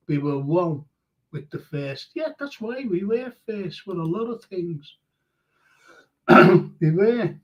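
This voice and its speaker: An older man from Liverpool with a Scouse accent, hosting a live show in casual, rambling chat with many fillers and restarts. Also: high-pitched. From Liverpool, England. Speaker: radio show host reading listener comments. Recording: dull lo-fi stream audio.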